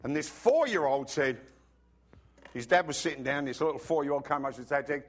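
A man preaching from the pulpit, his pitch sitting a little high and leaping all over the place as he tells his stories. He swings between loud bursts and hushed asides, and he is nursing a cough. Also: moderate pace, vocal fry. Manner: animated storytelling, sudden swings from loud to hushed. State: has a cough. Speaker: pastor. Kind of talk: sermon.

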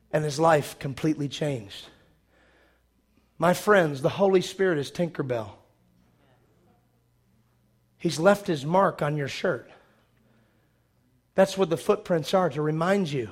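A man preaching a sermon with a high voice, retelling a movie scene by scene. He acts out the action as he goes and breaks into sudden loud bursts.

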